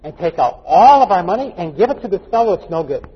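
A man's voice: high-pitched, very animated, quick pace, husky, heavily acted. A man voicing a worried older woman from his congregation, retelling her complaints in a dull, echoey hall recording. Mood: upset. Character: worried older German wife, upset.

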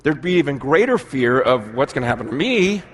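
A man in his forties preaching a sermon to a live congregation, animated and quick to act out the people he quotes, swinging between urgent and hushed. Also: medium pitch, husky. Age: 40s. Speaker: pastor.

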